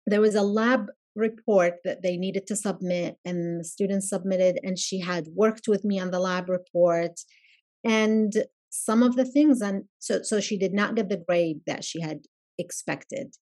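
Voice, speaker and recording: A woman professor talks as a guest on a podcast, choosing her words with care and pausing as she thinks. Her voice is mellow and warm. Her pitch is in the middle range for a woman. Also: fairly even intonation. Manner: thoughtful, searching for words with pauses. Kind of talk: casual conversational interview.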